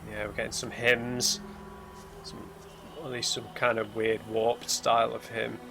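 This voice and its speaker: Gravelly man musing over a game. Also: medium pitch, level tone, a little slow. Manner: musing aloud, thinking things through as he explores; mutters asides to himself. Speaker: let's play gamer. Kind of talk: blind let's play commentary. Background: eerie game music and hymns.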